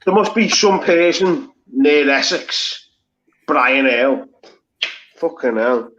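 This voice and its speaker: A man's voice: medium pitch, animated, slow, a bit bright, slight background noise. A man with a Liverpool accent, talking bluntly and swearing a lot as a guest on a live stream panel, with rambling restarts. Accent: Liverpool Scouse. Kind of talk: casual livestream banter. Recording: slightly lo-fi audio.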